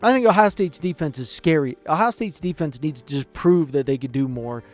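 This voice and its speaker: A man giving animated, rambling opinions in casual chat, swearing freely as he talks. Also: fairly high pitch, fairly quick, soft background music. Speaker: sports commentator.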